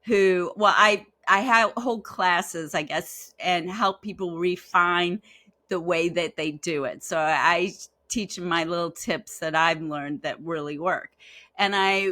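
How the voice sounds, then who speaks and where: A woman guest on an interview podcast, a facilitator and hypnotherapist who talks in a chatty, animated way and acts out quoted dialogue as she tells stories. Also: on the low side, takes it slowly, no room sound. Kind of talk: casual interview storytelling.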